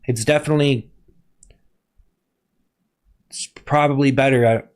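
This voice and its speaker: A young man streaming to his chat, talking in a halting, over-earnest, mock-serious confession. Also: medium pitch, fairly even intonation, clean tone.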